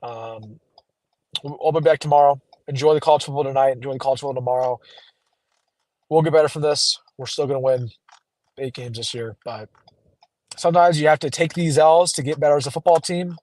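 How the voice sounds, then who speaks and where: Young man, fairly high voice, slightly hoarse, casual live-stream chat, dry close sound. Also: brisk, long pauses, a little mellow, no room sound, rough recording. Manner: casual, chatty, reads viewer comments aloud. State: losing his voice a little. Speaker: sports streamer host. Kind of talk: live postgame reaction stream. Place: driving home.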